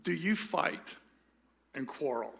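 Higher-voiced pastor preaching with stammered restarts. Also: male voice, animated, takes it slowly, vocal fry, fairly bright tone. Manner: stammering restarts, folksy jokes. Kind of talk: sermon.

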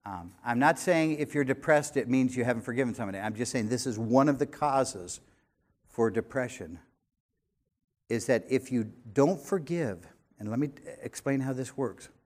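An older man in his sixties preaching a sermon, animated, swinging between loud emphasis and quiet conversational asides. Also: mid-range voice, moderate pace. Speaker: pastor.

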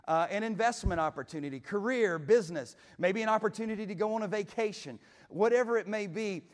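Guy preaching a sermon in a church, kinda high voice, lots of restarts and stammers, big echoey hall. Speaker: pastor.

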